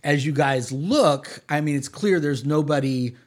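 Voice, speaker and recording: A man running a tabletop game as game master, narrating in a casual, halting way with many restarts. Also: a little high.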